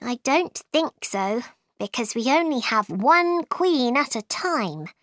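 A woman's voice: high-pitched, expressive, slow pace, fairly bright tone, dry recording, clean studio sound, voice pushed up, heavily acted. A woman voicing a curious, polite young girl in a storybook, asking earnest, puzzled questions.

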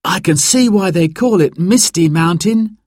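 A man voicing an excited, wide-eyed young boy in a storybook reading. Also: sits high, measured pace, no room sound, clean studio sound, pitched above the performer's own voice. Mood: curious. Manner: excited, amazed exclamations.

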